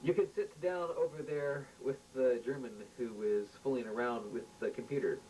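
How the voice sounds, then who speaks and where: A curt male starship captain who barks short orders, voiced by a man reading a story aloud. His voice comes from a little distance, over a low rumble. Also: steady tone, normal speed, dark tone, natural voice. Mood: stern. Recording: distant mic with faint rumble.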